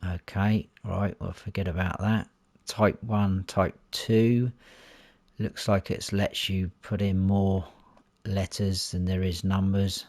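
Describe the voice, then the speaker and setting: Low deep guy going thru game menus slowly, reading every option out. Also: flat delivery, darkish tone, no room sound. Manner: listing options one by one while clicking through menus. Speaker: gaming YouTuber. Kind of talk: console gameplay walkthrough.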